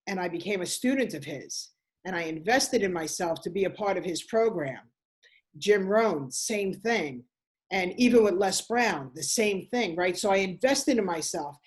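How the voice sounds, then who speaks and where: A woman in her sixties speaking as an interview guest, emphatic, repeating her points and acting out quoted lines. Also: medium pitch. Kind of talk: interview talk.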